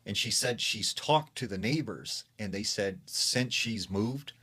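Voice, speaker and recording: A man's voice: on the low side, measured pace, sharp tone, husky. A man casually retelling a scary story secondhand, with lots of fillers.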